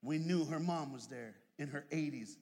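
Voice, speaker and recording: A man preaching a sermon, building from plain storytelling into shouted, drawn-out fervor, with humorous asides. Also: a little high. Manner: humorous storytelling with put-on voices. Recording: long hall reverb.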